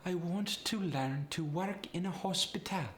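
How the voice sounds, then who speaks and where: A man putting on a Polish accent in English, with forward resonance, a rising inflection and slow, even example sentences. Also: high voice, slight background noise, voice pushed up. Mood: demonstrating. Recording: roomy echo.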